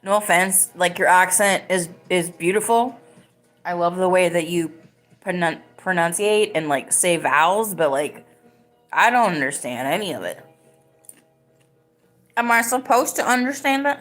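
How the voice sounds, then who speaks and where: Chatty woman host with a low voice. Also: normal speed, fairly bright tone, soft background music. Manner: rambling, filler-heavy talk with many "like"s. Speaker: live podcast host. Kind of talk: casual live-stream chat.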